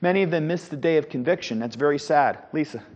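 A man's voice: a little high, quick pace, a little mellow. A man teaching a Sunday school Bible lesson, talking emphatically and often repeating words as he finds his phrasing, in a church room. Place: church classroom. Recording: dull, reverberant hall recording.

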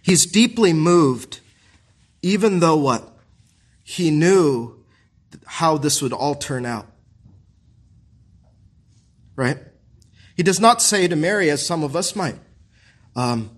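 Earnest male preacher, fairly high voice, pastoral sermon, many rhetorical questions. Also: animated, slow, long pauses.

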